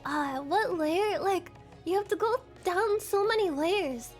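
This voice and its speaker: A woman's voice: very high-pitched, lively intonation, slow pace, faint music behind. A woman streamer in casual chat, giggly and rambling, with lots of "like" fillers.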